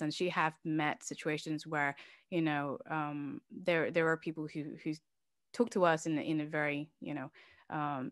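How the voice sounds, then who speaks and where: A middle-aged woman sharing a personal story in an interview, speaking candidly and with feeling. Her voice sits fairly low for a woman. The sound is dry and close, with no room around it. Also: a bit bright, no echo. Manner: candid and emotional, with many fillers and restarts. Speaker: interview guest, organization founder.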